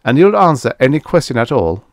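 A man's voice: medium pitch, sing-song, normal speed, dry recording, studio quality. A man doing a greedy, stubborn spaceman. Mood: eager, stubborn. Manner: eager, stubborn, raised voice. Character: greedy, power-hungry male spaceman.

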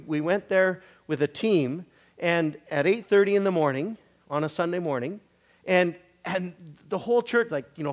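A man preaching to a church congregation, telling a story in a conversational way and acting out the dialogue of the people in it. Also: fairly high pitch. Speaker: guest preacher. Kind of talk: storytelling sermon.

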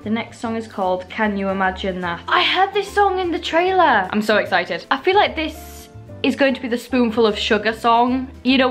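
Excitable woman vlogging. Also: a little high. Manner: gushing, excitable, chatty. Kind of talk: casual vlog chat.

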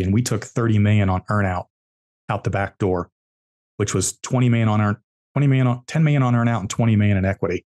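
Blunt, lower-voiced male entrepreneur. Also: mellow. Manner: blunt, emphatic, repeats key words. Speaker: entrepreneur guest. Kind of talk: podcast interview storytelling.

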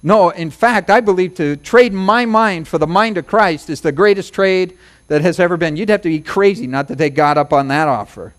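High-voiced preacher man, folksy. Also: normal speed. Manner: folksy, humorous preaching with rhymes and acted-out quotes. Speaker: pastor. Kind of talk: sermon.

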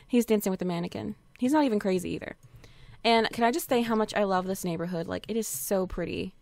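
A woman's voice: medium pitch, brisk, creaky, a little mellow, no echo. A young woman hosting a let's play, chatting casually about her game with frequent giggles and lots of "like". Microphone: desk USB condenser mic.

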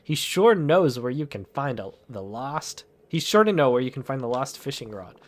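A man's voice: mid-range voice, very animated, moderate pace, natural voice. A man reading aloud the lines of a cheerful male cartoon mouse gardener, stumbling here and there. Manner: reads game dialogue aloud, stumbling now and then.

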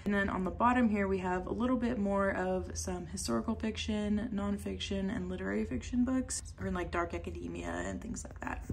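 A woman's voice: medium pitch, expressive, fairly quick, vocal fry, few pauses, slight background noise. A young woman talking casually and cheerfully in a vlog, chatty with small fillers. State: out of breath. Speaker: vlogger. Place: home apartment.

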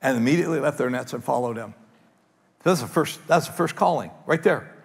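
A male pastor preaching a sermon in a lively, conversational way, often restarting phrases, with a gravelly, husky voice. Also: mid-range voice, fairly quick, in a large hall. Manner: animated, conversational preaching with repeated starts. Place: large church hall.

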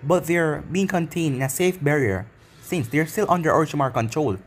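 Brief: loyal, blunt woman adviser, read by a man, fairly high pitch, faint music. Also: lively intonation, fairly quick. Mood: earnest.

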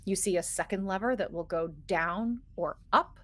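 In a mid-range, slightly bright voice on a dry recording, a woman game-masters a tabletop RPG. Her unhurried scene narration is sprinkled with fillers and restarts.

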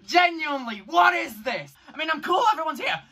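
A young man reacting to a trailer on his channel, excitable, shouting and rattling on like a hyped-up fan. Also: very high voice. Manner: excitable, shouts and laughs, rapid fan chatter.

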